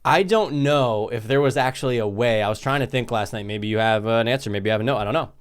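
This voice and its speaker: A man's voice: medium pitch, quick pace, smooth. Easygoing man co-hosting a podcast. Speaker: podcast co-host. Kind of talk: casual film review chat.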